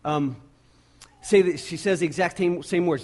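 A male pastor preaching a sermon, retelling a scripture story with dramatic pauses and repeated words. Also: on the high side, darkish tone.

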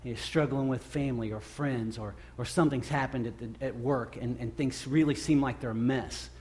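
A middle-aged man preaching a sermon, earnest and halting, with many repeated restarts, who grows louder when he acts out the scripture. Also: medium pitch, fairly even intonation. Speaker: pastor.

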